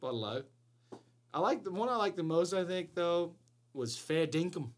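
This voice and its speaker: A man's voice: high voice, moderate pace. A man from Georgia in the US, co-hosting a podcast in crude, playful banter. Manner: animated, profane, playful jokey delivery. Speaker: podcast co-host.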